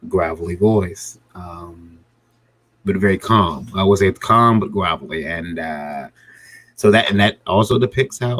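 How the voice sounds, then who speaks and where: A man's voice: low-pitched, gravelly, breathy edge. A man chatting casually about writing comics, rambling and restarting his sentences with jokes along the way. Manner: rambling, self-interrupting, jokey. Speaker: comic creator guest. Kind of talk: casual panel chat.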